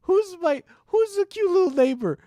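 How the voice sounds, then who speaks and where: A man's voice: very high voice, animated, normal speed, warm tone, no echo, clean studio sound, pitched above the performer's own voice. A man doing a squealing, doting baby-talk voice. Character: man cooing high baby talk at a pet.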